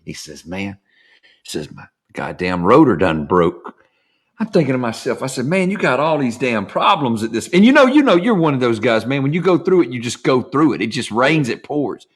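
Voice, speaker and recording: A man's voice: medium pitch, very animated, moderate pace, slightly rough. A man hosting a casual chat, telling loose, profane stories and acting out phone calls. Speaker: host.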